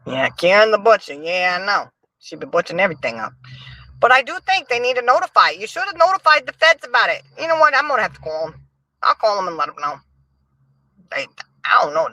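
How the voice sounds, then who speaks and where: A woman hosts a casual gossip livestream, dishing commentary to her chat with a sassy, animated delivery. Her voice is bright and forceful, and it rises and falls all over the place. The sound is close and dry, with no room around it. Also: medium pitch, no room sound. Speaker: livestream host.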